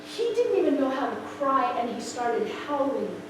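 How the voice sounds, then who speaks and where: High, lively woman telling her testimony. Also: moderate pace. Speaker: speaker sharing a personal testimony. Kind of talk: animated storytelling testimony. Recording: echoey room, far from the mic, background noise.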